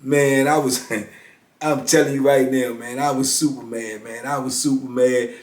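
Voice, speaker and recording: A man's voice: medium pitch, moderate pace. A middle-aged man casually telling a story from his past, speaking colloquially and acting out what others said. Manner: animated, colloquial, acts out others' lines. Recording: roomy echo.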